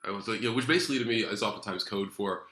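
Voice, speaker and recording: Man, actor guest, quick lively chat, bright tone, roomy echo. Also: fairly low pitch. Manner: animated, repeats words, quotes others in asides. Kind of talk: casual interview chat.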